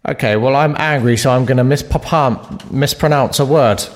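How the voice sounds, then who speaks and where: A man impersonating a calm, measured opposition leader who asks sarcastic questions in a parliament sketch. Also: medium pitch, big-room sound, natural voice. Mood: dry.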